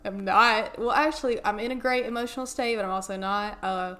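A woman's voice: mid-range voice, a little fast, fairly bright tone. A young woman in her twenties, a law student co-hosting a podcast, telling a story in casual chat with frequent laughter and swearing.

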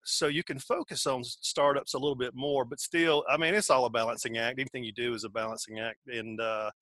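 Folksy Southern man, bright voice. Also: medium pitch, a little fast, dry recording. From Georgia, United States. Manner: folksy, animated, laughs easily. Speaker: podcast guest, startup CEO. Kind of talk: casual interview chat.

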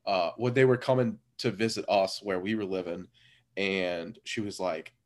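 A man in his thirties telling a story in a relaxed, rambling way, full of fillers and laughing at himself. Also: deep voice, moderate pace. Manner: laid-back, rambling with many fillers and frequent laughs. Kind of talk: casual storytelling chat.

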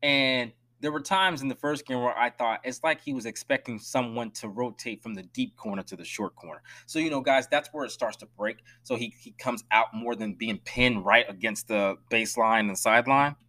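An emphatic man hosts his own sports podcast, ranting straight at his listeners. His voice jumps between loud, punchy outbursts and low, hushed asides. He speaks at a middle pitch. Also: moderate pace, hardly any pauses. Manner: direct, addresses listeners as y'all. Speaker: podcast host. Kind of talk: solo sports podcast rant.

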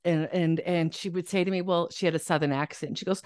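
Lively woman telling stories, dry sound. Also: lowish voice, fairly quick, few pauses, dry recording. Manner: lively storyteller, acts out quoted voices, laughs often. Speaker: guest author. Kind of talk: casual podcast interview.

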